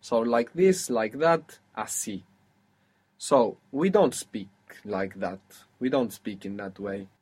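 A man's voice: mid-range voice, takes it slowly, a little mellow, husky. A man teaching a spoken language lesson, patiently explaining step by step and encouraging his student.

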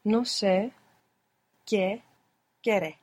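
A woman's voice: medium pitch, very slow, a little mellow. Female learner, hesitant one-word replies to a tutor's prompts. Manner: tentative short answers, laughs at own slips. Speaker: student. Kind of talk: answering in a spoken lesson.

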